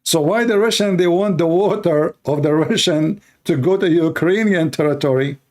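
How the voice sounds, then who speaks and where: Man, higher-pitched voice, angry reaction commentary, insulting, argumentative, broken English. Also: moderate pace, a little mellow. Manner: broken, non-standard English grammar. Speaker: commentator reacting to a news clip.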